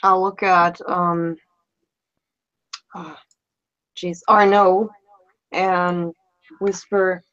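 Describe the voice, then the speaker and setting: A woman playing a tabletop role-playing game, speaking her character's lines in a lively way. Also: lowish voice, extremely slow, long pauses, dull audio. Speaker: player.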